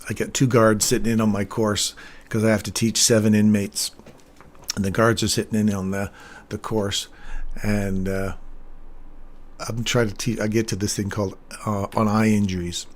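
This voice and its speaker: Rambling, low-voiced man telling stories. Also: level tone, normal speed. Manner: rambling anecdotes with chuckles and many fillers. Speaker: trading livestream host. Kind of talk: casual livestream storytelling.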